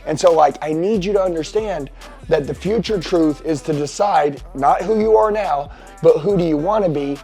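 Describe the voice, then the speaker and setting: A foul-mouthed man with a fairly high voice fires up a mastermind group in a seminar. He swings from hushed asides to loud, punchy bursts, and faint music plays underneath. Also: moderate pace. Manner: profane, intense, swinging between shouting and hushed asides. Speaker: sales coach addressing a mastermind group. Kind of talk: motivational seminar talk. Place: seminar room.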